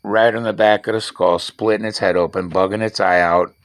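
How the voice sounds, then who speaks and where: A man talking fast in a rambling, profane, digressive vlog monologue from his half-built shed at night. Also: fairly low pitch, fairly even intonation, clear, resonant tone, no echo. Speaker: vlogger.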